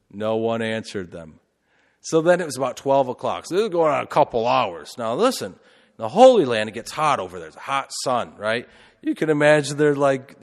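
A male priest retells a scripture story in a sermon, with chatty asides and frequent rhetorical questions. His voice sits at an everyday middle pitch. The sound carries a long reverb, as in a church.

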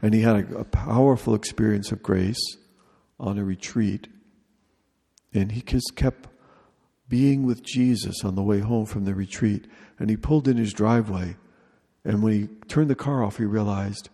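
Here a man with a lowish, gravelly voice, dark and mellow in tone, guides a retreat talk in a large hall. His speech is slow and intentional, with short phrases repeated, and the hall produces a long reverb.

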